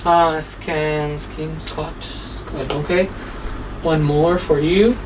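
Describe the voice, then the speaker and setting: A woman teaching a phonics lesson to children, sounding out words slowly and asking "okay?" after nearly every line, coaxing and gently scolding. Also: sits low, steady tone, distant mic, background noise. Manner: slow, drawn-out sounds, repeats "okay?" often; coaxing, mildly scolding when children drift.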